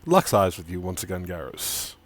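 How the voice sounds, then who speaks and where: A man's voice: sits low, big pitch swings, moderate pace. A man narrating as game master of a tabletop role-playing game.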